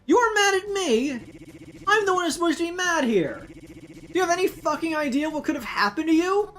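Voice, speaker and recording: A woman's voice: extremely high pitch, expressive, normal speed, faint music behind, pitched above the performer's own voice. A woman playing a furious, scornful young man. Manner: shouting, scornful, swearing. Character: angry young man, bullying and profane.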